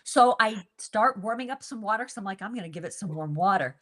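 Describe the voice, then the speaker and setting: A woman hosting a book group interview, chatting casually and telling stories in an animated way, laughing often. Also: mid-range voice, fast.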